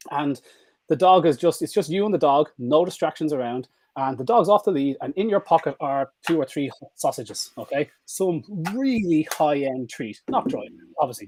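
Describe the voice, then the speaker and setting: A man, a vet, walks listeners through dog training in a relaxed live-stream talk. He is lively and demonstrative, sometimes squeaking high to act out a dog's excitement. His voice sits mid-range and sounds dry and close. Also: no room sound.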